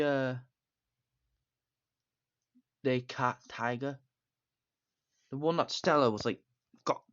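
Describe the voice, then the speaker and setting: A man giving a casual, rambling movie review, enthusiastic and repetitive, with many fillers and restarts. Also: mid-range voice. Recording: dull lo-fi recording.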